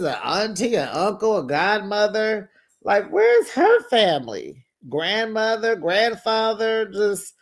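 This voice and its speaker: A host recapping a reality show in casual gossip commentary, sassy and chatty, laughing often and talking straight to viewers. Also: medium pitch.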